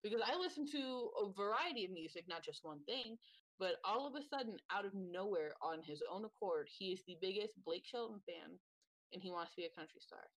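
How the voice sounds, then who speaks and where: A woman's voice: medium pitch, animated, fairly quick, dry recording, poor audio. Woman telling a story about her son. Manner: storytelling, warm about parenting. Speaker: podcast guest. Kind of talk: casual podcast chat.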